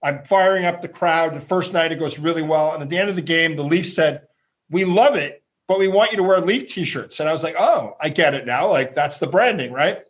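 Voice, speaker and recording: A man from Canada, a professional fan entertainer, telling animated stories in an interview, acting out quotes and laughing often. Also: a little high, fairly quick.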